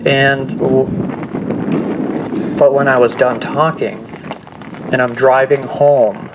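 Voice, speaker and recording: An older man giving a personal testimony speech at a school assembly, earnest and halting, often restarting his sentences. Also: medium pitch, noisy background. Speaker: guest speaker.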